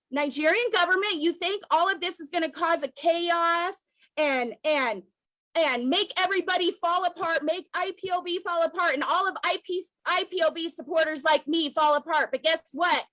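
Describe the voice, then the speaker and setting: A very high, bright-toned woman speaking with fervent emotion, hammering her points home by saying them twice. Her voice is crisp and forceful, recorded close and dry with no room echo. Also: normal speed. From United States. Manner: emotional, emphatic, repeating for emphasis. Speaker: activist commentator. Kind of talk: impassioned video commentary.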